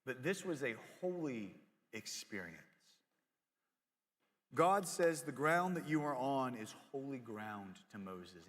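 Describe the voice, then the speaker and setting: A young man giving a casual, joking sermon to middle schoolers as youth pastor, telling stories with lively asides. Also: medium pitch. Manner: casual, joking, animated storytelling. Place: church hall. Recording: long hall reverb.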